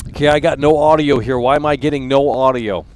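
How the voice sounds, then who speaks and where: A man's voice: medium pitch, fairly even intonation, brisk, slight background noise. A man hosting a live stream talk show, ranting in a profane, exasperated way and laughing scornfully as he mocks what he sees. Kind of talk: unscripted live stream rant.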